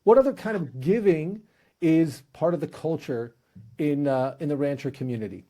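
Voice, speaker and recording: A man's voice: on the high side, animated, normal speed, mellow. A male podcast host interviewing guests, telling a humorous story with casual restarts.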